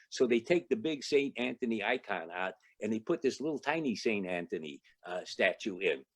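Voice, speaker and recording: A man's voice: fairly low pitch, sing-song, moderate pace. A man in his eighties from Ohio, a guest speaker reminiscing and telling a joke, rambling on tangents with many fillers, over a video call. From Toledo, Ohio.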